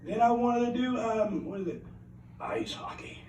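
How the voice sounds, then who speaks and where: Older guy, high voice, earnest rambly award speech, mic far off in an echoey hall. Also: normal speed, darkish tone, a little hiss or hum. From Alabama, USA. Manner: rambling, anecdotal, earnest, repeats phrases for emphasis. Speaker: award recipient giving acceptance speech. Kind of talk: heartfelt acceptance speech. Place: banquet hall at an awards event. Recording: roomy hall, mic at a distance.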